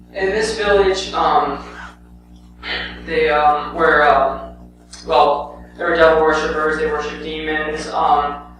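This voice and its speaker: A young man presenting his church mission trip in a rambling, casual way, full of "um" and "anyway". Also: fairly high pitch. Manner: rambling, with many "um" and "anyway" fillers. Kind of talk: casual spoken report to a congregation. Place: church sanctuary. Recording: very echoey church hall, heard from a distance, with a clear hum.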